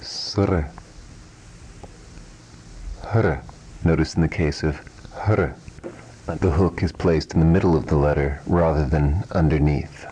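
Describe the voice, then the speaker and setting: A man teaching a pronunciation lesson, speaking in a measured, precise way and saying each sound twice. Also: extremely low pitch, steady tone, dark tone, slightly rough, poor audio. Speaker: language teacher. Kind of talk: slow, deliberate pronunciation lesson.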